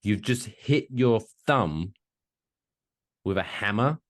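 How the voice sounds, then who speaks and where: A man in his thirties co-hosting a casual podcast. He rambles and jokes crudely, his somewhat low voice swinging widely in pitch. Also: slow. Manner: rambling, animated, crude joking. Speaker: podcast co-host.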